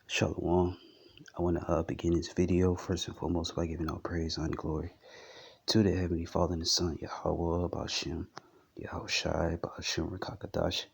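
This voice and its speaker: A man teaching religion and opening a video with formal greetings in a measured way. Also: low-pitched, level tone, creaky, breathy edge.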